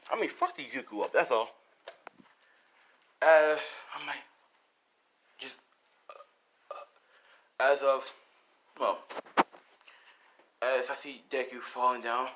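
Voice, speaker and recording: Man, storyteller, improvised action tale, animated, profane, sound effects, bright voice, slow pace. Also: medium pitch, slight background noise. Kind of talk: improvised fan-fiction storytelling.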